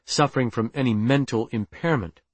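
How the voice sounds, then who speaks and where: A man's voice: medium pitch, brisk, breathy edge, no echo, natural voice. A man voicing an earnest, persistent woman officer who talks in a pleading, insistent way.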